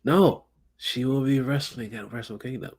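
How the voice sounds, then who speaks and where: A man hosting a podcast in casual chat, excitable and profane, rambling with frequent restarts. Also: medium pitch, moderate pace, slightly rough. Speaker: podcast host.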